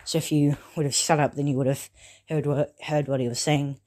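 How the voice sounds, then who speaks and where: A woman's voice: low voice, flat delivery, fairly quick, mellow. A woman voicing a cool, dismissive teenage boy hero student in a retold story, with a blunt manner.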